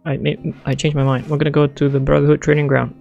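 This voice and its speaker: A man giving casual let's-play commentary, excitable and thinking aloud as he plays. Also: fairly high pitch, fast talker, vocal fry, dull audio, soft background music. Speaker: gamer playing a strategy game.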